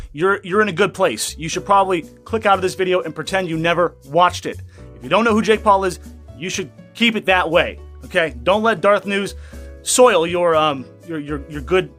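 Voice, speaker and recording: A young man with a high, light voice delivers a profane, sarcastic rant about the news. He cuts in with angry asides while reading out an article, and faint music plays underneath. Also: a bit bright. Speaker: commentary YouTuber. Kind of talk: ranting news commentary.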